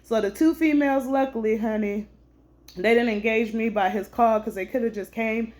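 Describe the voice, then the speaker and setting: Indignant woman telling a story, fairly high. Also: moderate pace. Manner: animated, indignant storytelling, calls listeners honey. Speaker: veteran vlogger. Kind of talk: recounting an incident to camera.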